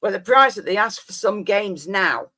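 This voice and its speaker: A woman's voice: mid-range voice, lively intonation, normal speed, pushed and bright. Rambling woman in her fifties. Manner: rambling and reminiscing, often trailing off with "so, yeah". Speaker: live streamer chatting with viewers. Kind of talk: casual chat.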